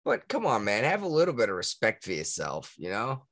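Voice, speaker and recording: A man with a Massachusetts accent co-hosting a podcast in casual chat, talking in an animated way that jumps high when he gets worked up. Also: brisk, no echo. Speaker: podcast co-host.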